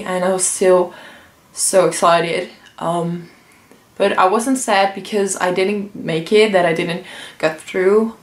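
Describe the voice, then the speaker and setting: Young woman vlogger, heartfelt and halting, mid-range pitch, echoey room. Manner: emotional, earnest, many fillers and restarts. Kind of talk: personal vlog storytelling. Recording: roomy echo.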